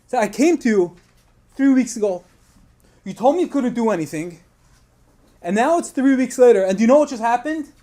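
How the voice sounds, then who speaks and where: A desperate older man in his late sixties, as a male preacher puts him on, pleads through tears. He sounds high-pitched and forceful, and he keeps insisting that he will not be turned away. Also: lively intonation, a little fast, pauses often. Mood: insistent.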